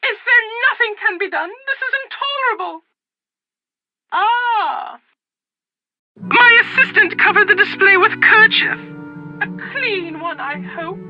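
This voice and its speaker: A woman's voice: very high-pitched, animated, unhurried, pauses often, dry recording. An actress voicing a pompous, fussy older society chairwoman in a video game, haughty and theatrical with old-fashioned phrasing. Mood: imperious. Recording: dull lo-fi game audio. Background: faint game music.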